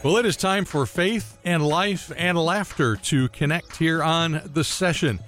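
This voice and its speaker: A man's voice: a little high, a little slow, music in the background. A man hosting a Christian radio talk show, bantering and telling dad jokes. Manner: joking, playful banter. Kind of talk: casual chat with dad jokes.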